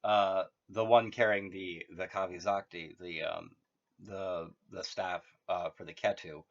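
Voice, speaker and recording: A man's voice: deep voice, fairly even intonation, measured pace. A man casually retelling a story, rambling with many fillers and restarts and chuckling at his own jokes. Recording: muffled lo-fi audio.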